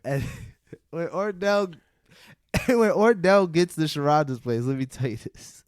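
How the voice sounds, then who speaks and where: A man's voice: fairly high pitch, expressive, a little slow, no room sound, studio quality. A man co-hosting a casual podcast, retelling a film scene by scene and acting out the characters' lines, laughing often. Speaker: podcast co-host. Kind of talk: casual movie recap chat.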